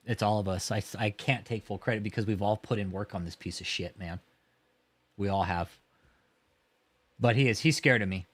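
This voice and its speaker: A man's voice: fairly low pitch, normal speed, pauses often, slightly rough, dry recording. A man hosting a livestream, mocking and swearing as he reacts to video clips. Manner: mocking, profane, lively. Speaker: livestream host. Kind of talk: profane commentary over video clips.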